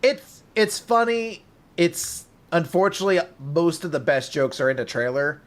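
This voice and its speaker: A young man chatting on a podcast with a fairly high voice. He tells stories animatedly and breaks into loud acted-out outbursts. Relaxed and conversational. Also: moderate pace. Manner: animated storyteller, acts out scenes in loud bursts. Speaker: podcast co-host. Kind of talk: casual podcast chat.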